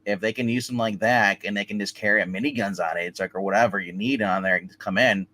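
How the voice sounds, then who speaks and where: Excited rambling man reviewing a movie. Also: lowish voice, fast, low-quality recording. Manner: excited, rambling with many restarts. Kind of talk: casual movie review chat.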